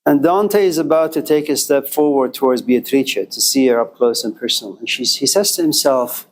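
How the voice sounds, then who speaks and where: A man giving a lecture and telling a story with lively, acted-out voices. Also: medium pitch, moderate pace, poor audio. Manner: animated storyteller, acting out voices.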